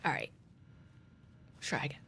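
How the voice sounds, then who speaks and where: Animated British woman streaming. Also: unhurried, slight background noise. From Britain. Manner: animated, chatty, laughing. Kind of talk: live gameplay commentary.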